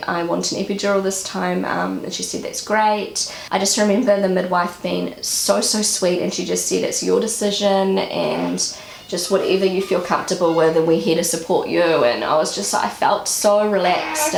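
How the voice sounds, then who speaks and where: A woman's voice: lowish voice, vocal fry. A young woman with a New Zealand accent, telling a personal story to camera in a chatty way, with many fillers and repeated words. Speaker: vlogger. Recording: echoey room with faint noise.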